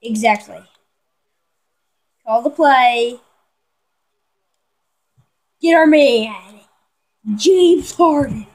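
A woman giving excitable live commentary on a football video game, talking to her viewers and yelling at big plays. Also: high voice, drawn-out words, long pauses, rough recording. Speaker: gamer.

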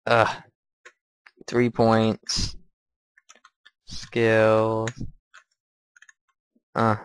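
A man's voice: lowish voice, level tone, extremely slow, pauses often, clear, resonant tone, no room sound. A man giving crude, profane let's play commentary while gaming. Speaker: gamer.

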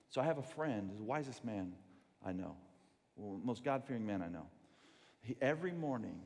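A man preaching a sermon, telling stories in a lively way and acting out the voices of the people in them. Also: fairly low pitch, moderate pace, vocal fry. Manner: animated storytelling, acts out quoted voices. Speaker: pastor. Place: large church sanctuary. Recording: long reverb of a large church hall.

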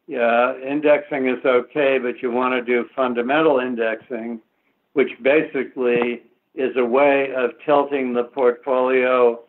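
A man from the United States, an economist guest answering interview questions in a measured way, pausing often on fillers. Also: medium pitch, slight background noise. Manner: measured, with frequent filler pauses. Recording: tinny phone-like line.

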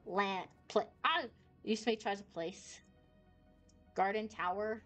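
A woman's voice: medium pitch, takes it slowly, a bit bright. Bubbly woman VTuber, rambling game commentary, squeals when startled, faint music behind. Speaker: VTuber streamer. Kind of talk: casual gameplay commentary.

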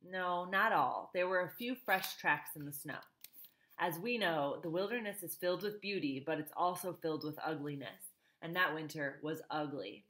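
A woman's voice: fairly low pitch, fairly bright tone. A woman reading a novel aloud, stopping for chatty asides to her listeners. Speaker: reader.

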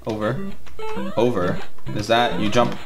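A man's voice: on the low side, steady tone, unhurried, over loud music. A man playing a hard platform game and raging, swearing constantly, yelping when he dies and laughing at himself. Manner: swears constantly, yelps and shouts when dying; self-mocking, laughs at himself. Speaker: gaming video host.

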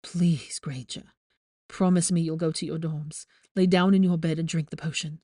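A woman reading a frantic teenage boy wizard who pleads in an urgent, hushed voice. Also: low-pitched, fairly even intonation, normal speed, no room sound, studio quality.

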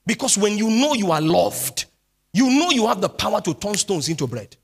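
A man preaching a midweek sermon as pastor, swinging between speech and sung, drawn-out phrases. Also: sits high, sing-song, creaky, slightly rough. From Nigeria.

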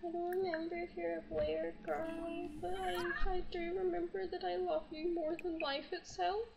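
A young woman gaming YouTuber chats casually about her gameplay, gushing and cooing over a pet in baby talk. Her voice is extremely high and creaky, with a flat delivery at normal speed, and the slightly dull audio includes game music.

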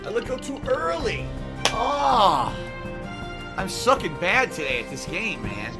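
A man streaming a game and commenting out loud, swearing, yelping and shouting, with sing-song asides. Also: high voice, big pitch swings, takes it slowly, music in the background. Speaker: gaming streamer.

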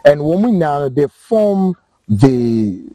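Speaking slowly and emphatically, a Ghanaian talk-show host discusses politics in a blend of English and Twi, repeating words as he builds his points. His fairly high, warm voice swings widely in pitch, and the recording is dry.

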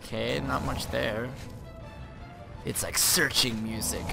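A man giving excitable, swearing commentary while playing a video game, with surprised yelps. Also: mid-range voice, unhurried, gravelly. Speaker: let's play gamer. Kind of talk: casual gameplay commentary. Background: game music.

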